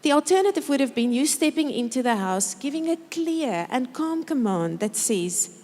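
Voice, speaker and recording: A middle-aged woman giving a lively, humorous parenting talk in a large church auditorium, acting out parents and children as she speaks. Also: sits high, normal speed. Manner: lively, humorous storytelling, mimics parents and kids. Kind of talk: conference talk with acted-out quotes. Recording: reverberant hall.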